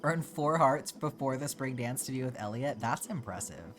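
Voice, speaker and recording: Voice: medium pitch, lively intonation, moderate pace, background noise. A streamer from Georgia chatting casually and answering live chat, talking through thoughts with many fillers and restarts. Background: background music.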